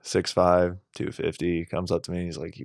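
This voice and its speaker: A man's voice: deep voice, monotone, moderate pace, creaky, dry recording, clean studio sound. A man co-hosting a podcast in loose late-night chat, rambling and swearing freely. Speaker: podcast co-host.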